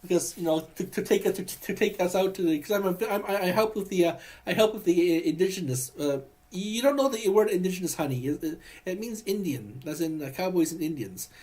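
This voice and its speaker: Man, chatty vlogger, halting, lots of restarts, very lively pitch, warm terms of endearment. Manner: rambling, halting, many restarts; affectionate, addresses partner as honey. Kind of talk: personal video message.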